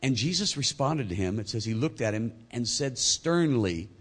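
A male pastor delivering a sermon, swinging between loud emphatic points and quiet, low asides. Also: expressive, normal speed, hardly any pauses, husky.

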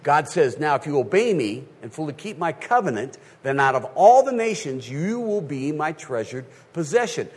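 A male pastor preaching a sermon in an animated way, often checking in with his listeners. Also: fairly high pitch, normal speed, slightly rough.

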